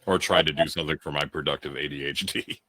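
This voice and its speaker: A man's voice: very deep voice, fairly even intonation, quick pace, sharp tone, no room sound. A man co-hosting a casual podcast chat, laid-back and blunt, swearing freely. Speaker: co-host answering questions.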